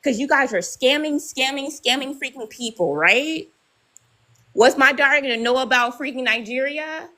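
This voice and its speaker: A woman's voice: high voice, moderate pace, bright, forceful tone, low-quality recording. A woman arguing angrily in a live stream, confrontational and profane, often tagging her points with "right?". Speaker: live debate participant. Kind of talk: heated live-stream argument.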